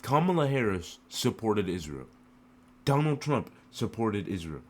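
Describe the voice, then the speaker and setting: A man's voice: lowish voice, sing-song, a little slow, a little mellow. Impassioned man ranting to camera. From United States. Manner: emotional, rhetorical questions, repetitive cadence. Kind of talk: impassioned political rant to camera.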